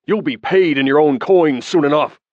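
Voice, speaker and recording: A surly, treacherous thug who spits insults and mutters sullenly, as a male narrator puts him on. The voice leaps about in pitch over a dry, slightly dull recording. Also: very animated, moderate pace, dry recording. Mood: spiteful. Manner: spiteful, muttering.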